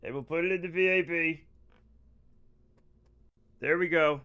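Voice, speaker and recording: A male streamer with a high, bright voice, talking through a live game session. He chats with viewers and breaks into loud, excited greetings and exclamations. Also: measured pace, clear, resonant tone, dull audio.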